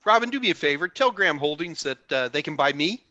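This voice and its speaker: A Texan man hosting a live Q&A stream in a bright, clear voice. His speech is slightly higher than most men's, and he talks in a joking, chatty way full of fillers. The room is dry and close. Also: expressive, fast, no echo, lo-fi sound. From Texas. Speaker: host.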